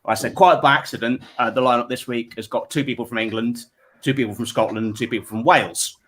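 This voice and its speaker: A man's voice: medium pitch, fairly even intonation, fast talker, a bit bright. A man hosting a comedy panel show over a video call, chatting casually and reading out viewer messages with plenty of fillers.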